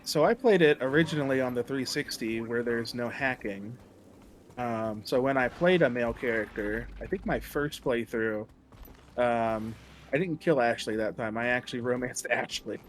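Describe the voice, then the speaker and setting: A man's voice: medium pitch, moderate pace, slight background noise. A man chatting casually while streaming a game, laid-back and musing, with a sarcastic streak. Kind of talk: casual gaming stream chat.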